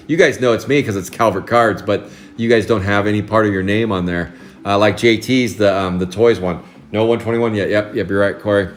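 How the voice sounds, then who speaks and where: A man's voice: fairly low pitch, a little hiss or hum. A man in his forties from Oregon, chatting casually on a live card break stream, telling rambling stories with frequent chuckles. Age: 40s. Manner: rambling storyteller, chuckles often.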